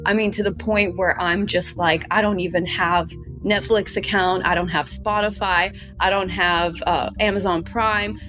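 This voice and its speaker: A woman's voice: medium pitch, fairly even intonation, normal speed, hardly any pauses, a bit bright, soft background music. A woman from Ukraine, a guest entrepreneur on a podcast, talking earnestly and emphatically, stringing her clauses together. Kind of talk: podcast interview.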